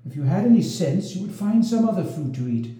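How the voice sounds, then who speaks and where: Brief: male reader doing an ashamed noble duchess, mellow tone, reproachful. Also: high-pitched, big pitch swings, fairly quick. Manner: reproachful, pleading. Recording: roomy echo.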